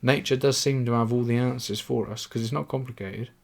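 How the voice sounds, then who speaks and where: A man's voice: medium pitch, steady tone, a little fast, creaky, a little mellow. Young english guy rambling on his podcast, swears a lot, takes the mick out of himself. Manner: swearing, rambling, self-mocking. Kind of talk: casual monologue.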